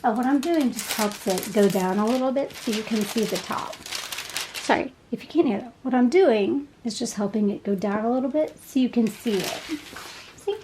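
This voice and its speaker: A woman chatting casually as she unboxes craft kits, gushing with soft laughs. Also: fairly high pitch, moderate pace, noisy background. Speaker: unboxing vlogger.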